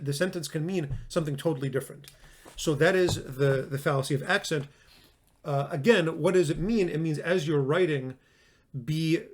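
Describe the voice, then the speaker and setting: On the high side, a man delivers a recorded classroom lecture on logic in a conversational way. He stresses words for emphasis and often restarts his sentences.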